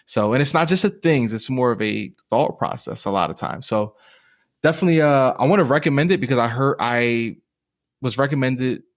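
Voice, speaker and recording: A man's voice: medium pitch, fairly quick, no room sound, clean studio sound. A man in his twenties co-hosting a casual chat, enthusiastically recommending shows and books. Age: 20s. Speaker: podcast co-host.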